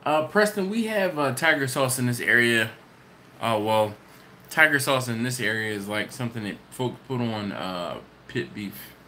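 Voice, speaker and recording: A man's voice: mid-range voice, animated, moderate pace, pushed and bright, a little hiss or hum. Laid-back man hosting a live barbecue Q&A. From Maryland, US. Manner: casual, rambling storyteller with frequent laughs. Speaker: barbecue channel host. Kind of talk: live stream Q&A, reading chat.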